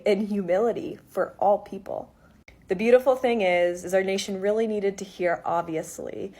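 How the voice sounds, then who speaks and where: Woman, husky voice, measured and emphatic, opinion video. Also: mid-range voice, a little mellow.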